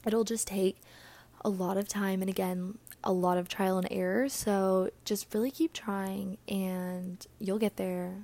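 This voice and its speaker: A young woman hosting a casual solo podcast, chatty and earnest, sounding a bit out of breath and breathy, with words often trailing off into a whisper. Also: mid-range voice, steady tone, measured pace, mellow. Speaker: podcast host.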